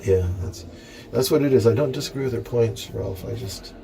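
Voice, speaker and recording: This young vlogger has a mellow mid-range voice with vocal fry and a moderate pace. He reads from a book and riffs on it in profane, rambling casual commentary with jokes, while noise fills the background.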